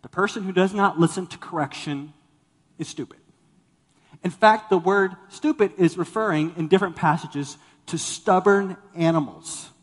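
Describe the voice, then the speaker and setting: A man's voice: high voice, normal speed, big-room sound. A man preaching a sermon as a pastor to a congregation, talking animatedly and acting out the people he quotes. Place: church sanctuary with congregation.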